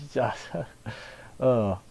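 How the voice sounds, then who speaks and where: A man's voice: medium pitch, drawn-out words, mellow, a little hiss or hum. A man casually recapping an anime episode, rambling and interrupting himself with wry asides. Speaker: anime reviewer.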